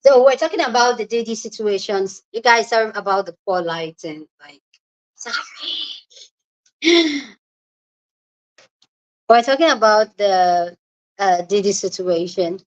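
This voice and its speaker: A woman's voice: mid-range voice, expressive, measured pace, pauses often. A young Nigerian woman with a Nigerian accent hosting a casual live chat, greeting viewers by name and giving her opinions. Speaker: livestream host. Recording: lo-fi livestream audio.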